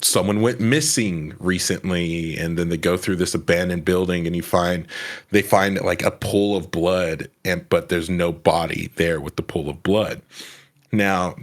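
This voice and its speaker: A man with a very low voice, chatting on a podcast as the guest. He tells his story with lively energy and acts out bits of dialogue as he goes. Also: measured pace. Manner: animated storytelling, acts out lines. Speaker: podcast guest, comedy sketch creator. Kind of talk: casual podcast chat.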